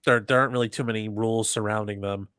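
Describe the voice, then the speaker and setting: A man's voice: fairly low pitch, fast, clear, resonant tone, no room sound, clean studio sound. A man from the United States hosting a podcast, chatting casually and rambling with lots of restarts. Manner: rambling, animated, many restarts. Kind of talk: casual chat.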